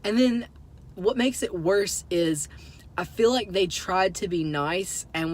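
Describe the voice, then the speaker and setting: A man's voice: high-pitched, unhurried. A young man telling an embarrassing story to camera, sheepish and self-deprecating, with lots of fillers. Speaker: vlogger. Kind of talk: casual storytelling.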